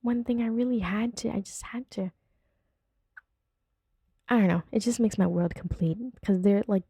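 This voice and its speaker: A woman for whom English is a second language hosts a loose podcast from home. Her voice sits a little low and is deeply mellow and dark. She rambles, laughs easily and drifts off topic, all in a dry, unechoing sound. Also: vocal fry, no echo. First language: not English. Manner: chatty, rambling, easily sidetracked, giggly. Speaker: podcast host. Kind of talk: casual podcast chat. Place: at home with her dog nearby.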